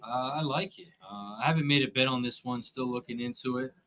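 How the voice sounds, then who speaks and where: A man on a live sports betting stream, speaking in a measured way with some hedging fillers. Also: mid-range voice, a bit bright, faint music behind, low-quality recording.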